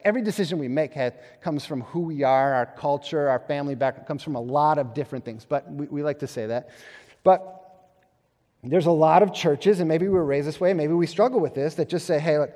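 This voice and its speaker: A male pastor preaching a sermon in a conversational, animated way, with self-deprecating humor and acted-out quotes. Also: on the high side, fairly quick, long reverb tail.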